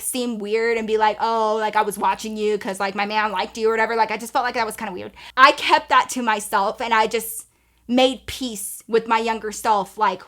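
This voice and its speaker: A woman in her twenties telling a casual, profane story time to her viewers, animated and chatty. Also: on the high side. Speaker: storytime vlogger.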